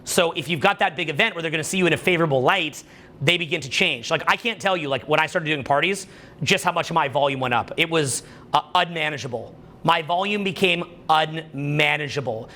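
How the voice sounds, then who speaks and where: A man coaches on social confidence in a loose, rambling style, sprinkling "like" and "right?" through every thought. His voice is bright and forward, sitting a little above the usual male pitch, and his manner stays animated. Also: fast talker. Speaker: dating and social skills coach. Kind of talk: casual motivational talk.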